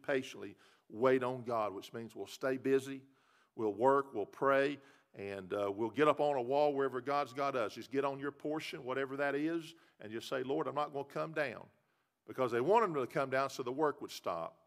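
A middle-aged man preaching a sermon, folksy and given to repeating himself. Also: medium pitch. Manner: folksy storytelling, repeats words. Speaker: pastor. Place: church.

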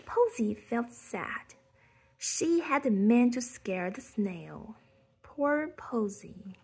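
A woman reading a children's picture book aloud in a soft, half-whispered storytelling manner. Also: fairly high pitch, big pitch swings, drawn-out words, creaky, breathy edge.

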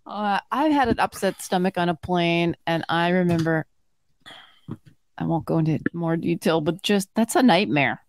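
A woman's voice: lowish voice, normal speed, slight background noise. A woman who is a physician and podcast co-host, chatting casually and telling stories in detail with asides. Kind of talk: casual chat and storytelling.

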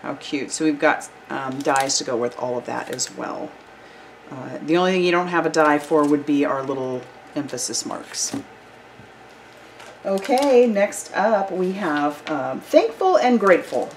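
A woman with a low, deep-set voice talks through new crafting products in an upbeat, gushing vlog style. She chats casually and freely. A faint hum sits underneath the recording. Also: expressive, moderate pace. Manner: bubbly, enthusiastic, chatty with fillers. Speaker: card-making channel host.

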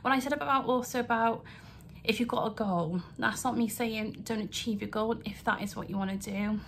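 A woman's voice: fairly high pitch, moderate pace, vocal fry, a little hiss or hum. Earnest woman vlogging heartfelt. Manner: earnest, rambling and heartfelt, apologetic. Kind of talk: emotional vlog rant to camera. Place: home, indoors.

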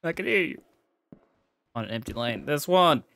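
A streamer giving excitable, swearing livestream commentary, talking back to game figures. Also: mid-range voice, normal speed, vocal fry.

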